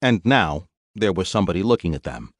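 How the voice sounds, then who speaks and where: A man reading an audiobook with expressive storytelling narration. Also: low voice, a little fast, no echo. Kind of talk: scripted narration.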